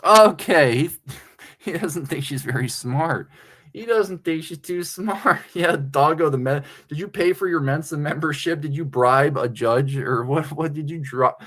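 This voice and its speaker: A man's voice: fairly high pitch, unhurried, a bit bright. A slightly tipsy man hosting a livestream, rambling crudely and laughing often. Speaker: livestream host. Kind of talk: casual livestream chat.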